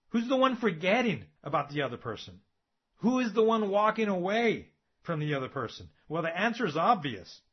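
A man's voice: on the high side, slightly rough. A man preaching a sermon, emphatic and asking rhetorical questions of his listeners. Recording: dull lo-fi recording.

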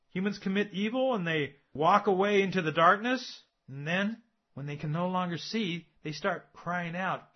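A man's voice: high-pitched, moderate pace. A man preaching a sermon, emphatic and asking rhetorical questions of his listeners. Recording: dull lo-fi recording.

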